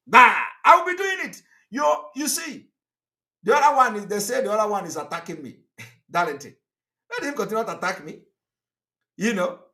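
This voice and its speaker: A man's voice: sits high, fairly bright tone. A man giving an impassioned broadcast monologue, mocking his critics with laughs and repeated rhetorical questions. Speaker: activist broadcaster.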